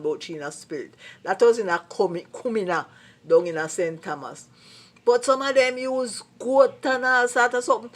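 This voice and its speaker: A Jamaican woman with a fairly high voice delivers a casual commentary in Patois. She speaks emphatically and sounds indignant throughout. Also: a bit bright. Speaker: vlogger commentator.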